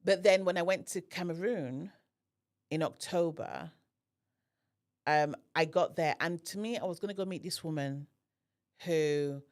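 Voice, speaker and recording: This woman has a lowish voice, a measured pace, and long pauses. Guesting on a podcast, she tells a personal story with animation, acting out the other people's voices.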